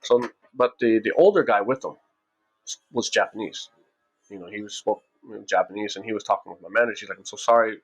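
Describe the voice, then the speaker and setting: A man's voice: on the low side, brisk, slightly rough, highs cut off. A man casually telling a story from his own past, rambling with frequent restarts and acting out what people said.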